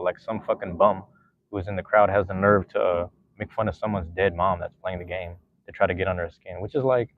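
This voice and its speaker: Male podcast host, laid-back and slangy, a bit low-pitched, dry close sound. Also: no echo, narrow, tinny audio. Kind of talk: casual podcast chat.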